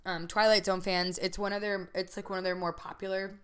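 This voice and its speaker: A young woman co-hosts a podcast and tells stories in a loose, casual way. She laughs often and trails off with fillers, at a mid-range pitch. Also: level tone, a little fast, fairly bright tone, clean tone. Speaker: podcast co-host. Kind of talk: casual chat.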